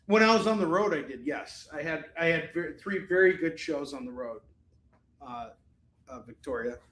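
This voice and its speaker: A man's voice: a little high, lively intonation, moderate pace, a bit bright. A man hosting a live comic-book sales stream, chatting casually, rambling and swearing freely as he prices each book. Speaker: live shopping stream host selling comics. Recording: echoey room.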